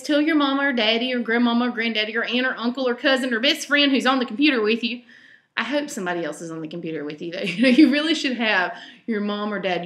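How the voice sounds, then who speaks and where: An animated woman reads a children's story aloud in a bright, high voice that swoops all over. She talks straight to the kids, and a roomy echo hangs around her. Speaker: storyteller host.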